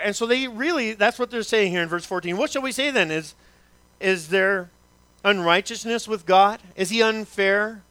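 A man preaching a sermon as a pastor, in a high, bright voice. He poses rhetorical questions and voices the congregation's complaints to God, slowing down for effect. The recording is dry and close. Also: clear, resonant tone, no room sound.

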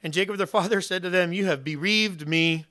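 A man preaching a sermon, retelling scripture with lively storytelling and acted-out voices. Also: high-pitched, a little fast.

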